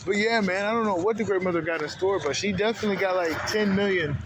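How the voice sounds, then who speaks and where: A man's voice: sits high, quick pace, background noise. A man hosting an unscripted spiritual monologue, talking in loose, profane slang, rambling from one thought to the next. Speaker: spiritual channel host.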